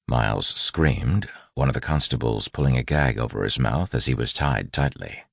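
A man narrates an audiobook in a measured, even storytelling voice. His voice is extremely low and husky, with a gravelly edge. The recording is dry and close. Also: no echo. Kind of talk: scripted fiction narration.

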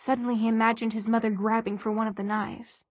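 A woman narrating an audiobook in a measured, husky voice, on a tinny, dry recording. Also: on the high side, flat delivery, dry recording.

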